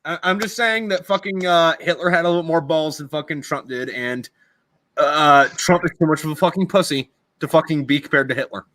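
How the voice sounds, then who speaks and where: A man hosts a podcast in a loud, heated rant, piling on swear words and tripping over his own restarts. His voice sits a little high and sounds bright and forceful, recorded close and dry with no room sound. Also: fairly quick, dry recording. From United States. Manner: profane heated ranting with stammered restarts. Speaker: podcast host. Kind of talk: casual podcast chat.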